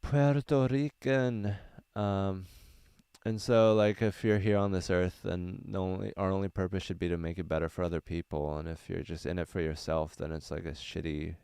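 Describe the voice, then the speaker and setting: Deep, smooth-voiced man rambling casually. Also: flat delivery, brisk, darkish tone, no echo. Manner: rambling, filler-heavy, earnest. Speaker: stand-up comedian. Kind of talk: casual livestream Q&A. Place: small van.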